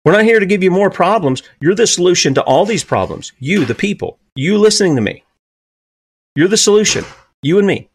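A man's voice: high voice, animated, fairly quick, slight background noise. A man in his fifties with a Southern US accent hosting an opinionated talk radio show, asking rhetorical questions and pushing his voice up on key points. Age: 50s.

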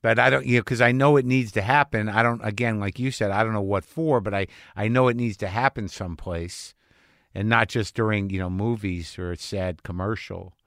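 A man's voice: on the low side, steady tone, brisk, creaky, fairly bright tone, dry recording. Frank male podcast host, very dry sound. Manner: frank, reflective, swears casually. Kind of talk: casual interview chat.

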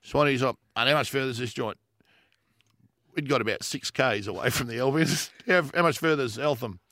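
A man's voice: mid-range voice, a little fast, sharp tone, no room sound, studio quality. A man with an Australian accent, co-hosting a podcast and telling a story in casual chat, laughing often and doing quoted voices. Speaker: podcast co-host.

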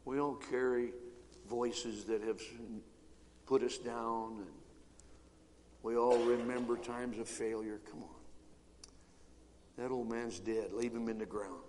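A man preaching a sermon, swinging from shouting to hushed, near-whispered urging. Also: mid-range voice. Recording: reverberant hall, faint room noise.

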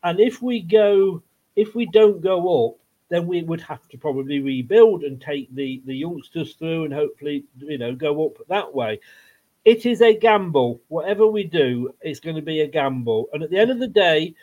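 A man's voice: on the high side, normal speed, darkish tone. A man co-hosting a football podcast, talking bluntly and swearing, with rambling asides. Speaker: podcast co-host. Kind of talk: casual football chat. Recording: dull lo-fi sound.

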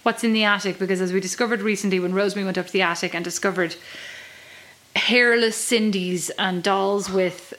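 Woman in her thirties, chatty podcast co-host, quick to laugh, mid-range voice. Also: medium pitch. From Ireland. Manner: chatty, laughs often, animated storytelling. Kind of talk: casual chat between sisters.

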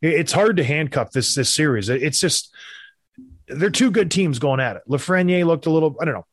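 A man who used to play hockey, hosting a casual sports talk show and giving animated, opinionated rants. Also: on the high side, fairly quick, slightly rough, dry recording, clean studio sound. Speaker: podcast host, former hockey player.

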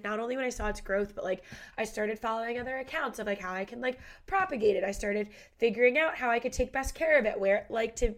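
A woman's voice: a little high, fairly bright tone. A young woman hosting a podcast in casual chat, congested from a head cold, bubbly and gushing with lots of "like". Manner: bubbly, gushing, heavy use of "like". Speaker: podcast host.

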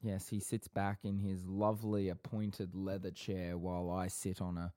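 A man's voice: low-pitched, little pitch movement, moderate pace, mellow, no room sound, clean studio sound. A man co-hosting a podcast in a casual chat from an office, teasing his brother in a mock-dramatic way. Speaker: podcast co-host. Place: home office. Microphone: podcast microphone.

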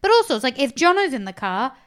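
Chatty Australian woman, smooth voice. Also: high-pitched, sing-song, fast talker. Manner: rambling, chatty, trails off into soft asides. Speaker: podcast co-host. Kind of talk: casual chat.

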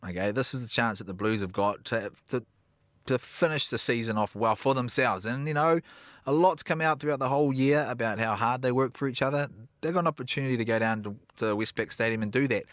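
A man with a New Zealand accent, a former player co-hosting a rugby podcast, who talks in a halting way with many restarts. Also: mid-range voice, a bit bright, no echo, clean studio sound. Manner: halting, full of fillers and restarts. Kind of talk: casual rugby chat.

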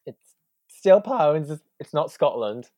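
A man's voice: fairly high pitch, sing-song, slow, mellow, no echo. A young man, a podcast guest, telling a story animatedly and acting out the quotes with drama. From Wales. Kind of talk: casual storytelling.

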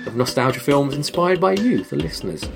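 A man's voice: fairly high pitch, big pitch swings, brisk, creaky, over music. Chatty man hosting a podcast. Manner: chatty, joking, with fillers. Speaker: podcast host. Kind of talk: casual chat.

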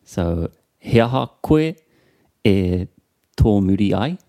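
A man's voice: fairly low pitch, expressive, slow pace, warm tone, no echo. Tentative New man learning. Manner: tentative, asks checking questions. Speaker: language learner. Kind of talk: casual lesson chat.

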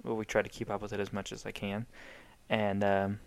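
A man's voice: lowish voice, completely flat delivery, brisk, creaky, dry recording. A young man from the United States co-hosting a podcast in casual, rambling chat, swearing and joking. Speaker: podcast co-host.

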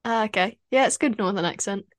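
Speaking in a medium-pitched voice, this young podcast co-host keeps things easygoing and teasing, laughing readily in casual chat. The recording is studio quality with no room sound.

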